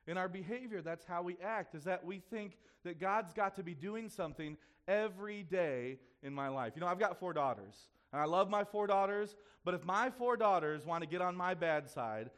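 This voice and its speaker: A man's voice: sits high, a bit bright. A man in his thirties preaching as pastor, conversational and self-deprecating with playful humor, acting out the voices of people he quotes. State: runny nose. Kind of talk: sermon.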